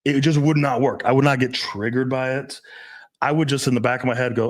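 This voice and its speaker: A young man hosting a casual podcast as a dating coach, animated, swearing and acting out quoted voices. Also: mid-range voice, quick pace.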